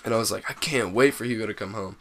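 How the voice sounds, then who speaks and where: A man's voice: on the low side, fast, a bit bright. Rambling young man in casual chat. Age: young adult. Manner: loose, rambling, says "like" a lot.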